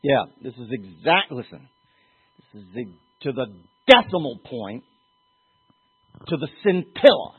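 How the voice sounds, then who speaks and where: A man's voice: medium pitch, very animated, measured pace, long pauses, husky. An older man giving a conversational, digressive Bible lecture, teaching verse by verse with emphatic asides. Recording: tinny phone-like sound.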